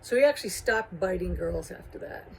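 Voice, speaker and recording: A woman telling a personal story in a casual, animated way, with amused laughing asides. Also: on the low side, brisk, vocal fry, a little hiss or hum, rough recording.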